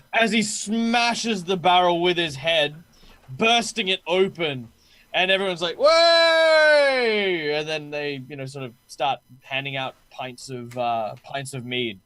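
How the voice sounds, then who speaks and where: Man, game master, tabletop narration, hesitant, many fillers, slightly high voice. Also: takes it slowly, sharp tone, dry recording.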